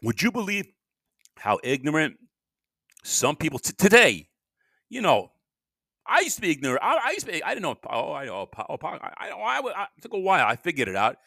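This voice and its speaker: Rambling tired man with a lively voice. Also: a little high, a little fast, creaky, dry recording, studio quality. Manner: meandering, self-interrupting, swings between loud and mumbling. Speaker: podcast host. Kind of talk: rambling solo monologue.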